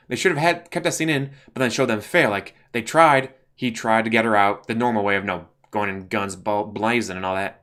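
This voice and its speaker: A man's voice: on the low side, a bit bright. A man hosting a casual movie commentary, ranting bluntly, swearing and filling his talk with "like". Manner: blunt, ranting, profane, lots of fillers. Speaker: channel host.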